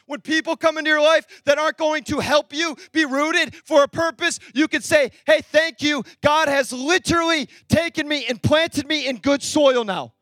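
A young man preaching a sermon, energetic and storytelling, acting out bits of dialogue. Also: very high-pitched, moderate pace, hardly any pauses, no echo. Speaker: pastor.

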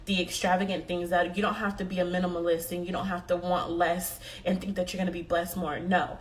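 Earnest low-voiced young woman vlogger. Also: little pitch movement, fairly quick. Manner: earnest, heartfelt, repeats words often. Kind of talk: motivational talk to camera.

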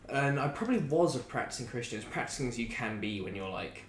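A man's voice: mid-range voice, animated, fast. A young man from the south of England talking candidly and reflectively in a casual chat, with some fillers. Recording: echoey room with faint background noise.

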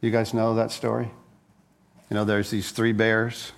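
A man's voice: fairly low pitch, completely flat delivery, a little slow, vocal fry. A man preaching a conversational sermon as a pastor, joking and telling stories, often repeating words as he goes. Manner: playful, joking storyteller; frequent word repeats.

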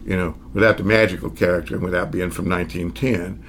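An older man with a Southern drawl and a lowish voice talks easily about his work as a magician, often chuckling as he trails off and restarts. Faint ambience hums behind him. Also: fairly even intonation, fast talker, fairly bright tone, slight background noise. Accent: Southern American. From American South. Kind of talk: casual interview.

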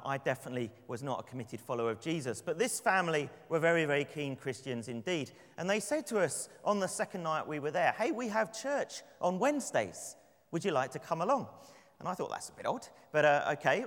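A man from London with an English accent, preaching a sermon and telling personal stories in a relaxed, conversational way. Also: fairly high pitch, quick pace, hardly any pauses. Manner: conversational, anecdotal, with light laughs. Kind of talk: sermon with prayer and storytelling. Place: church. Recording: long church reverb.

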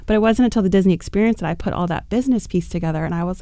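A woman on a podcast telling an animated, chatty story, with plenty of fillers. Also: mid-range voice, fast, few pauses, no echo, clean studio sound. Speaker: podcast guest.

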